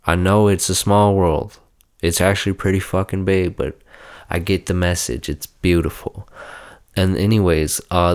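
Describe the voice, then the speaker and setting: A young man hosting a podcast, rambling and swearing as he reads aloud from his phone and mocks himself. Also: low-pitched. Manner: profane, rambling, self-mocking. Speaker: podcast host. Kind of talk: casual chat, reading aloud from a phone.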